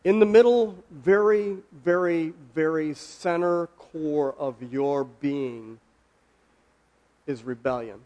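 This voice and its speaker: A man preaching a casual, conversational sermon, asking his listeners questions and slowing down for emphasis. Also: on the high side, mellow, highs cut off. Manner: conversational, asks the audience questions, slows for emphasis.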